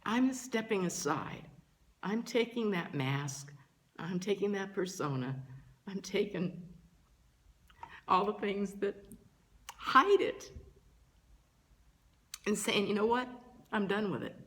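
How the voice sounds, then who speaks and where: Slow, gentle older woman teacher. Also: medium pitch, animated. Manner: gentle, earnest, pausing often between phrases. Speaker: spiritual teacher. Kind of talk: slow reflective spiritual talk.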